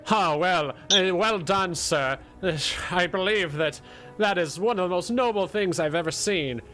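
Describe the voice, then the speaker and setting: A man voicing a pompous, stammering gentleman with a monocle. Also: high-pitched, unhurried, soft background music, pitched above the performer's own voice. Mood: impressed.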